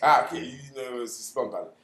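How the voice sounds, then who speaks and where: A man's voice: mid-range voice, very fast, fairly bright tone. A man co-hosting a podcast in casual banter, talking in a profane, emphatic way and laughing often. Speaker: podcast co-host. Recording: roomy echo.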